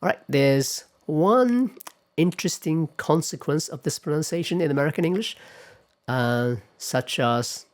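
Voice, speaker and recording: Slow, deliberate male lecturer. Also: on the high side, expressive. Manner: deliberate, repeats example words several times. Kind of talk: pronunciation lecture.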